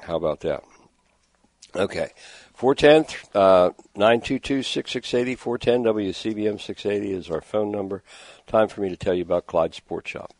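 Male radio host, middle-aged, low voice, dry studio sound, chatty rambler. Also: a little mellow, no room sound. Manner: rambling, exasperated storytelling. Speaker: radio fishing show host. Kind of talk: casual radio talk. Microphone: studio microphone with headphones.

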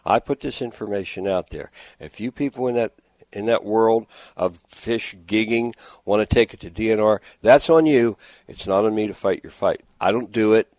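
A man's voice: fairly low pitch, normal speed, darkish tone, dry recording. A middle-aged man hosting a call-in fishing radio show, telling a story with exasperation and reading sponsor ads. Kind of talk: casual radio talk. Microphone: studio microphone with headphones.

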